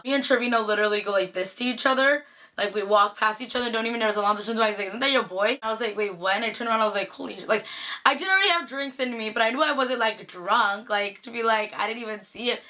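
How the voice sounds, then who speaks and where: A young woman from the Bay Area telling a casual storytime vlog, chatty and animated, full of "like" fillers. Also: a little high, fast talker. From Bay Area, California. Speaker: vlogger.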